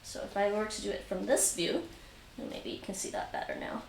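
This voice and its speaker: A woman's voice: mid-range voice, huge pitch swings, brisk, vocal fry. A woman teaching taekwondo on a live stream, patiently repeating instructions and counting reps aloud. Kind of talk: live-streamed home exercise lesson. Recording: roomy echo, distant mic, faint noise.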